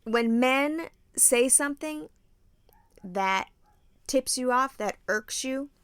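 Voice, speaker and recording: Woman co-host, casual talk show, brash and profane, bright high voice, dry sound. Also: lively intonation, slow pace, clear, resonant tone, no room sound. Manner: brash, profane, emphatic ranting. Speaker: podcast co-host. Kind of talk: casual chat.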